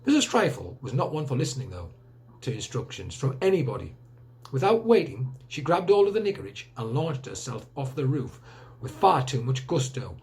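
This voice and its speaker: A male teacher reading a children's book aloud with expressive storytelling. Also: medium pitch, moderate pace.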